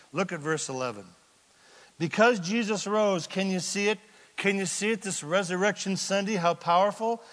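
High bright-voiced pastor guy, preaching with lots of drama, long church echo. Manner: animated and dramatic, acts out scenes. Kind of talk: sermon. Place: church sanctuary. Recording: reverberant church hall.

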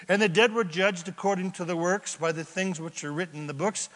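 A man's voice: sits high, a little fast, hardly any pauses. A man pastor delivering a dramatic sermon in a church, acting out scenes as he preaches. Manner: animated and dramatic, acts out scenes. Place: church sanctuary. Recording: reverberant church hall.

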